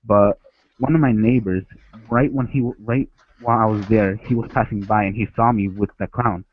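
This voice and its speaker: A man's voice: on the low side, steady tone, moderate pace. A man from Ecuador calling in on a headset, telling a childhood story in a rambling way with many restarts. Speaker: caller. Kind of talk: phone-in storytelling. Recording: dry, tinny phone-like line.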